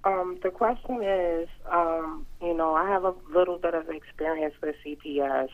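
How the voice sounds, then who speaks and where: Casting: woman caller, hesitant and halting, muffled phone line. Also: fairly low pitch. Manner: hesitant, many "um"s. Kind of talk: call-in question.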